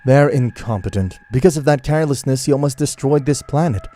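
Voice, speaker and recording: A man's voice: mid-range voice, brisk, warm tone, close to an everyday voice. A man voicing a proud, haughty god of destruction with a commanding manner.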